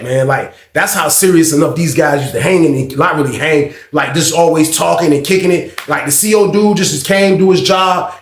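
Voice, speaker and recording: A man's voice: on the high side, echoey room. A man in his thirties casually telling a story, full of slang and "like" and "man". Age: 30s.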